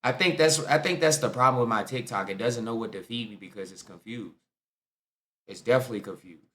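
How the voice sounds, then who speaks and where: A man's voice: mid-range voice, a little fast. A young American man hosting a reaction video, chatting casually and playfully to his viewers as he comments on clips. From United States. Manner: animated, playful, talks to viewers as y'all.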